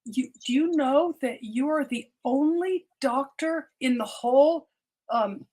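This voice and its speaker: Woman, older, high-pitched, earnest personal storytelling, frequent restarts. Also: unhurried, dark tone. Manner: earnest, repeats words when starting sentences. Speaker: podcast guest, doctor.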